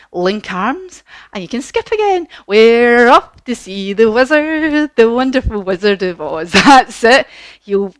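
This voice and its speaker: A woman teaching a children's yoga class as a story, lively, encouraging and sing-song. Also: medium pitch, no room sound.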